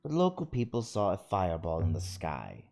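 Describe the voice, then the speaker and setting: A man's voice: mid-range voice, very animated, moderate pace, a little mellow, natural voice. A man voicing a blunt, matter-of-fact young woman explorer while reading game dialogue aloud.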